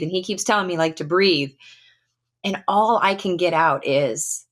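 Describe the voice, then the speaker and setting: A middle-aged woman from the United States with a fairly low voice tells a personal story as a podcast guest. She speaks candidly and emphatically, with casual fillers. She leans into key phrases. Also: unhurried. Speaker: podcast guest, retired Air Force colonel.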